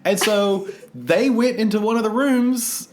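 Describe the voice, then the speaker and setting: A man co-hosting a podcast, telling a story in a casual, animated way, laughing often and acting out what others said. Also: high voice, unhurried. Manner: animated, laughing, acts out quoted voices. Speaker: podcast co-host.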